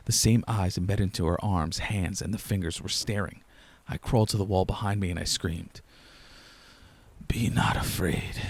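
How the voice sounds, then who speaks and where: A young man reading a first-person horror story aloud in a low-key, steady storyteller's way. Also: gravelly, breathy edge. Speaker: narrator. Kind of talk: scripted horror narration.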